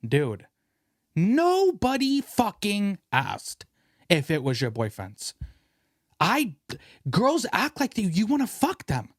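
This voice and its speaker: A young man hosts a casual podcast and rants with a lively, swooping delivery that climbs a little high for a man. He swears freely and keeps pushing his point. The sound is dry and close. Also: takes it slowly, slightly rough, dry recording. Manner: animated, swears freely, ranting. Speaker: podcast host.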